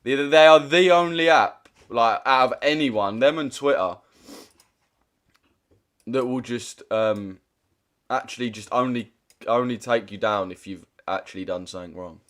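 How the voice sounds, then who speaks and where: A man with hosts a live trading stream. He talks to his chat bluntly and swears freely. His speech comes in quick bursts that he often restarts. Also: medium pitch, fairly bright tone. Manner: blunt, slangy, heavy swearing. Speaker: trading livestreamer. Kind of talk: casual livestream chat to viewers.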